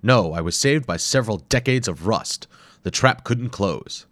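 A man's voice: lowish voice, lively intonation, moderate pace, a bit bright, no echo, pitched above the performer's own voice. A man voicing an eager, confident male archaeologist with ninja training who teases his friend, in a storybook reading. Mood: teasing. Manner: upbeat, teasing and confident.

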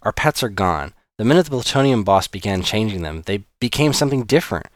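A man's voice: on the low side, animated, fast talker, no echo, clean studio sound, lightly acted. A man voicing a brash, sarcastic boy hero in an audiobook, in a raised voice. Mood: earnest. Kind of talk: audiobook character voice.

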